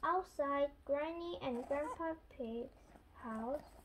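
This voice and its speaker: A child reading a picture book aloud slowly and carefully, sometimes stumbling over words. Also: sits high, background noise. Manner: slow, careful, sounding out words with slips. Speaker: story reader.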